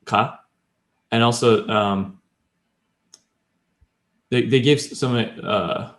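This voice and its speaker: A man's voice: medium pitch, slow, pauses often, a bit bright, roomy sound. A man co-hosting a podcast, chatting casually and explaining grammar step by step with many fillers. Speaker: podcast co-host. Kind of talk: casual language-learning chat.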